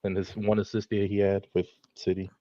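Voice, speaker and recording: A man calling into a football show, talking in a rambling, hedging, relaxed way. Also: on the low side, fairly quick. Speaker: caller. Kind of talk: casual football call-in. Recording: dull lo-fi call line.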